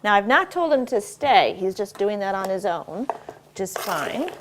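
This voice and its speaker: A woman dog trainer runs an instructional demo, explaining commands and praising her dog warmly and often in a bright, raised voice as she works him. She speaks at a moderate pace with a medium-pitched, sing-song voice, over faint background noise and clicker clicks.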